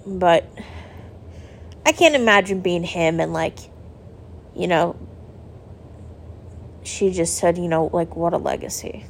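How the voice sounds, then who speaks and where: A woman's voice: lowish voice, takes it slowly, long pauses, a little hiss or hum. A young woman telling a story casually in a vlog, chatty and emotional, saying "like" a lot. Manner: chatty, heavy use of "like", emotional. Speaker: vlogger.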